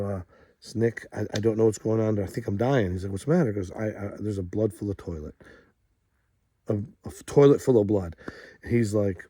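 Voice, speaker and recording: A man's voice: lowish voice, dry recording. A man hosting a show, telling a rambling story outdoors in a casual way and getting worked up as he goes. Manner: rambling, animated, quick to get worked up. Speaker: host. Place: outdoors at a ranch.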